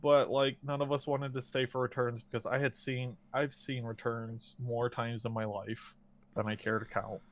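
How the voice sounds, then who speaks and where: A man's voice: mid-range voice, moderate pace. A man casually chatting about movies, swearing freely and acting out little quoted voices as he tells stories. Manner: profane, animated storytelling with quoted voices.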